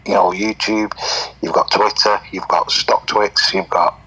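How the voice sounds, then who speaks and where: Husky, hushed low-voiced man. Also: level tone, measured pace, poor audio. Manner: quiet, hushed, hesitant. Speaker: caller. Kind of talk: casual debate. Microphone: online audio chat.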